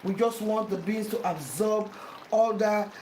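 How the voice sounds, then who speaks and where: A woman's voice: mid-range voice, a little slow, a little mellow, roomy sound, recorded from a distance, slight background noise, rough recording. A Sierra Leonean woman chatting casually while cooking at home, self-mocking and pleading with viewers for likes. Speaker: cooking vlogger. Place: home kitchen.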